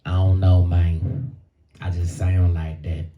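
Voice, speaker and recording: A man voicing his own arthritic knee as a stubborn, lazy male character with a low grumbling drawl. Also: little pitch movement, slow, phone-quality sound, faint music behind. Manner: whiny and stubborn.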